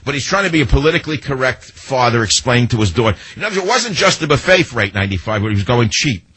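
A man's voice: mid-range voice, sing-song, rapid-fire, a bit bright, slightly rough, dry recording, rough recording. A man hosting a talk radio show, telling sarcastic stories and mimicking the people in them. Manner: sarcastic, storytelling with mimicked quotes. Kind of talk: monologue to listeners.

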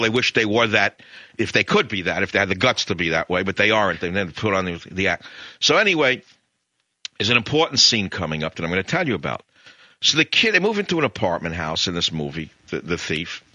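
Sharp-voiced, opinionated American radio host. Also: male voice, deep voice, dry recording, muffled recording. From United States. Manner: rambling, emphatic retelling with opinionated asides. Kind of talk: talk radio monologue.

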